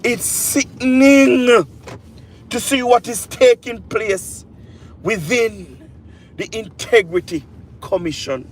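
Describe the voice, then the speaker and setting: A man's voice: high voice, lively intonation, a little hiss or hum. A Jamaican man giving an impassioned political rant on a live stream, repeating phrases with heavy emphasis. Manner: repetitive, emphatic, drawn-out phrases.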